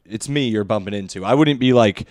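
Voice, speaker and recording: Animated storytelling man, dry studio sound. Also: lowish voice, a little fast, dry recording. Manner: animated, acts out quoted voices, laughs often. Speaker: comedian guest. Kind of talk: casual comedic storytelling. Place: podcast studio.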